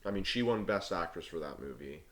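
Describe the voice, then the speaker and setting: Man, podcast host, casual chat, lively pitch, low voice, swears freely. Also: brisk.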